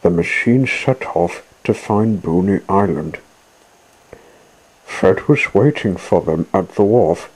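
A man narrating a children's story, reading slowly and deliberately. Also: low voice, lively intonation, darkish tone, breathy edge, low-quality recording.

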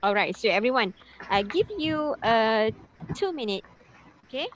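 A woman's voice: on the high side, animated, moderate pace, slight background noise. A woman teaching a language class online, patiently repeating questions and spelling out syllables. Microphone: video call. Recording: dull lo-fi call audio.

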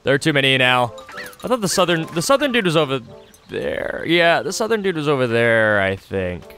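A man commenting on his own Let's Play in a loose, rambling way. His voice swings widely in pitch as he second-guesses himself, with faint game music under him. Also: big pitch swings, brisk, bright, forceful tone. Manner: rambling, self-mocking, unsure asides. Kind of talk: casual gameplay commentary.

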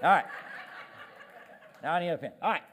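A man preaching a sermon on stage as pastor, animated and self-deprecating, often repeating words as he gets going. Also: on the high side, a little fast, big-room sound, some chatter behind, slight background noise. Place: church stage.

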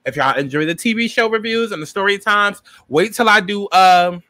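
A man's voice: high voice, moderate pace, bright, forceful tone, no room sound. A man, giving a sassy, profane, dramatic casual commentary as a TV show reviewer. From New York.

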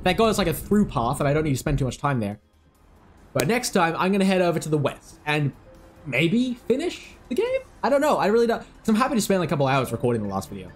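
A young man giving excitable, swearing gameplay commentary while he plays, talking to himself. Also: on the high side, quick pace, soft background music. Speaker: gaming video creator.

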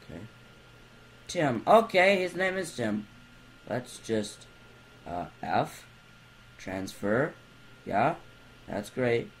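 Young man, let's play commentary, slow drawl, jumpy screams, silly baby talk, computer mic in bed. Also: medium pitch, big pitch swings, a little hiss or hum, rough recording. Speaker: gamer. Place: in bed at home.

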